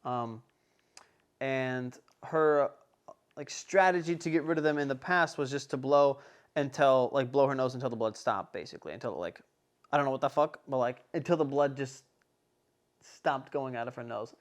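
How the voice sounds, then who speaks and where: A young man hosting a casual podcast, telling a story in an animated, rambling way full of swearing and fillers. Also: medium pitch, normal speed. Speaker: podcast host.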